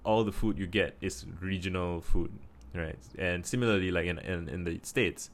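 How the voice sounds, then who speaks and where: A man's voice: low voice, moderate pace. A man from Singapore with a Singaporean English accent, talking casually to camera and thinking aloud with many restarts. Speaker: vlogger.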